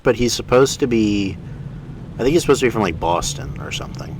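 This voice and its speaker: A man's voice: medium pitch, lively intonation, brisk, slight background noise. A man streaming a video game, chatting casually with easygoing, wry, self-deprecating jokes. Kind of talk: casual let's-play chat.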